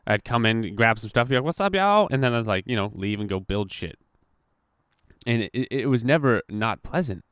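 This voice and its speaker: A young man with a smooth, lowish voice and a moderate pace hosts a podcast. His animated, profane storytelling includes acted-out quotes, captured in clean studio sound without room noise.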